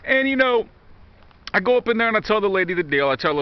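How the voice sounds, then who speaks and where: A thirty-something male vlogger talks fast in a high-pitched, sing-song voice with a clean tone. His candid monologue is blunt and full of profanity, wandering and restarting as he goes. The recording comes across as dull and lo-fi, with a muffled quality.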